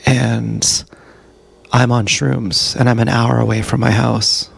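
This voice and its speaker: A man with a gravelly, creaky voice rambles through a personal story on a livestream. He swears freely, backtracks and corrects himself as he goes. His pitch sits in an ordinary middle range. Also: level tone, slow. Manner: profane, tangled retelling with self-corrections. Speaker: live streamer. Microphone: action camera.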